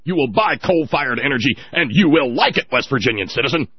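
A man voicing a domineering, preachy coal booster in a loud, commanding, mocking tone. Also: mid-range voice, expressive, a little fast, husky, no room sound, pitched above the performer's own voice. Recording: dry, dull lo-fi audio.

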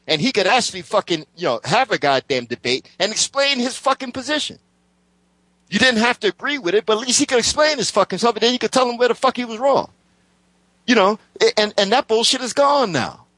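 Fired-up, foul-mouthed male co-host, fairly high voice, heated political rant. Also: sharp tone, breathy edge, no echo. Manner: profane, heated ranting. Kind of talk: casual political chat.

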